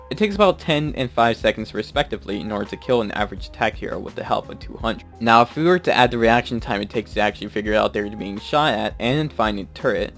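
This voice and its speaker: A man giving a scripted, matter-of-fact video game guide voice-over. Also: medium pitch.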